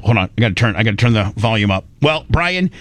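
A man hosting a radio talk show, telling a story in a casual, animated way and acting out the quoted dialogue. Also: fairly low pitch, fast, no room sound.

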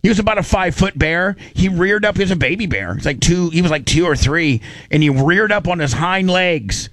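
A man hosting a talk show, telling rowdy old stories in a rambling, animated way, often stumbling and repeating words. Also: high-pitched, a little fast, dry recording. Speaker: radio show host. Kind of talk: casual storytelling chat.

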